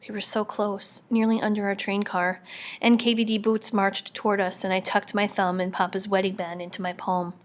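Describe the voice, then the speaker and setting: A woman narrating an audiobook in the first person, quiet and measured, often near a whisper. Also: medium pitch, flat delivery. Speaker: audiobook reader.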